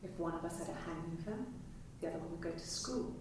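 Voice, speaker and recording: An actress playing a young woman who calmly recounts her twin sister in a measured, quiet way, heard as echoey game audio from across a room. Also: fairly low pitch, recorded from a distance, close to an everyday voice. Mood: reflective. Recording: echoey game audio played from afar over noise.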